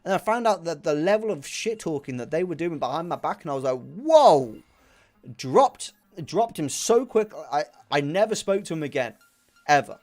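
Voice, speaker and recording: Chatting while he games, a young streamer fumes and curses, circling back to the same complaints again and again. He speaks fast and animatedly in a voice on the high side.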